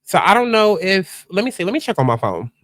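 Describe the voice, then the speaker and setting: A man's voice: high-pitched, very animated, fairly quick, fairly bright tone, no echo, studio quality. A man hosting a casual reaction commentary, chatty and exclamatory as he talks straight to his viewers. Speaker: host.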